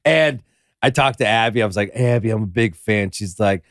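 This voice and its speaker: A man's voice: on the low side, fairly quick, no room sound, clean studio sound. Candid, profane man chatting as a guest. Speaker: podcast guest, musician. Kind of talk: casual chat.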